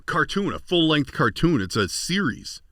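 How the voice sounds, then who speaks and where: A man's voice: a little high, moderate pace, no echo, clean studio sound. A man in his forties, a podcast host and voice actor, chatting casually and acting out the people he quotes. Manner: animated storyteller, acts out quotes. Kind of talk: casual chat.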